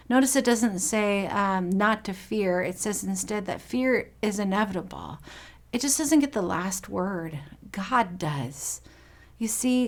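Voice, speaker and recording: A middle-aged woman pastor giving a sermon, telling personal stories in an earnest way. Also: medium pitch.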